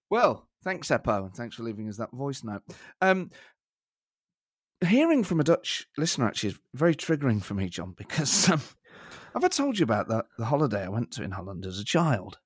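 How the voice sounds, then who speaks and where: A man's voice: medium pitch, sing-song, brisk, slightly rough, dry recording, studio quality. A man from Nottingham, England, co-hosting a podcast in a casual chat and telling a self-mocking story. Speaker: podcast co-host.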